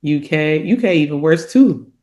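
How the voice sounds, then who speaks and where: An American woman co-hosting a podcast, telling stories in an animated, casual way. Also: sits low. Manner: animated storyteller, drawn-out complaints. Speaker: podcast co-host. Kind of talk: casual chat.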